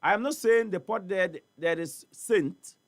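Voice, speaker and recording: Ghanaian guy on a morning talk show, high voice, really dry studio sound, keeps hammering his point with questions. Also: unhurried, creaky, dry recording. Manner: emphatic, repetitive, rhetorical questions. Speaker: studio guest on port trade. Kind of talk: animated talk-show discussion.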